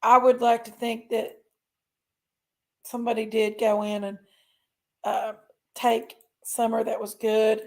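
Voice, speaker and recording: Gravelly-voiced woman livestreamer. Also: a little high. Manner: rambling, folksy, talks to chat. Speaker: livestream host. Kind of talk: casual livestream chat.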